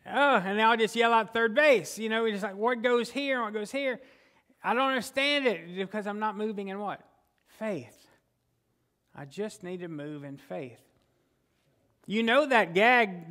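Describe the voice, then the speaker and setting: A man's voice: high voice, fairly bright tone. A man preaching a sermon as pastor, conversational, often asking the congregation questions and answering them himself.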